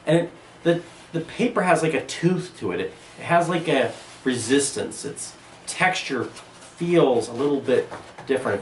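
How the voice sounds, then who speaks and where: A man's voice: medium pitch, animated, moderate pace, far from the mic. A musing man teacher in an echoey room. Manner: musing, thinks aloud as he touches things. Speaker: art teacher. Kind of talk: casual lesson, handling objects. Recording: echoey room, voice from away from the mic, faint background hum.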